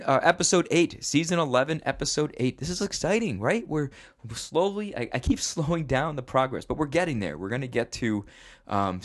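Rambling, self-mocking podcast host man. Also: mid-range voice. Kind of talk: casual podcast chat.

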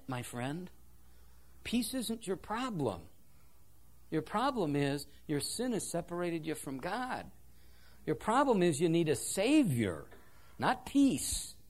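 Male pastor, church sermon, very lively pitch, self-deprecating storytelling.

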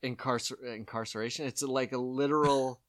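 A man's voice: mid-range voice, steady tone, fairly quick, dry recording, studio quality. A young man co-hosting a comedy podcast, rambling and laughing as he trails off mid-sentence. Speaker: podcast co-host. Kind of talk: casual comedic banter.

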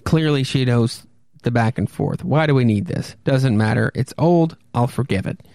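A man hosting a podcast in a casual, rambling way, full of wry asides and self-corrections. His voice is gravelly and middle-pitched. The recording is dry and close. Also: moderate pace, a little mellow, no room sound. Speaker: podcast host. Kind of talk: casual comic commentary and read-aloud.

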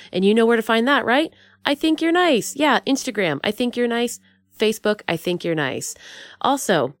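A woman's voice: on the low side, no room sound, studio quality. Bubbly woman hosting a podcast. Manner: bubbly, playful, goofy asides. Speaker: podcast host. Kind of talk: casual podcast chat.

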